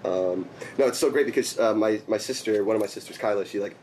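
A man in his thirties, a musician guest in casual chat, animated and laughing often. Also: fairly low pitch, quick pace, a little hiss or hum. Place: dressing room.

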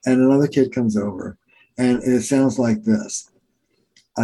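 A man's voice: lowish voice, moderate pace, husky, poor audio. A middle-aged man from New Jersey, a therapist telling stories in a conversational interview. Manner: animated storyteller, acts out quotes. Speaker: therapist and author.

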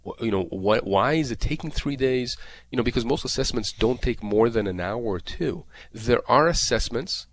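A man with an expressive, mid-range voice, speaking at normal speed, is the guest expert, a disability lawyer, on a call-in advice show. He explains disability insurance claims emphatically, repeating himself and using many fillers.

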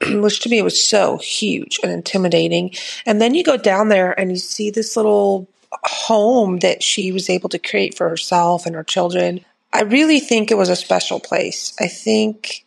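A woman's voice: medium pitch, vocal fry, breathy edge. A woman sharing a travel recommendation in a reflective, thinking-aloud way. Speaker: listener guest.

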